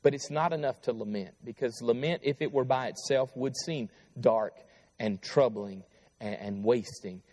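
A male pastor preaching a sermon, reading scripture aloud with pleading intensity that swells and then falls quiet. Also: mid-range voice, normal speed, in a large hall. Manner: impassioned, rising to pleading cries then dropping quiet.

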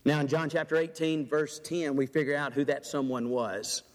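A man preaching a sermon in a large church, dramatic and full of rhetorical questions, dropping to a hush and then rising loud. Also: fairly high pitch, steady tone, normal speed. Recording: reverberant church hall.

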